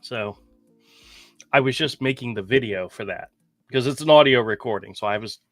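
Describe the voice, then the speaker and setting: A man telling a story in a casual podcast chat, animated and swearing freely. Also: mid-range voice, moderate pace, no room sound, faint music behind. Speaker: podcast co-host.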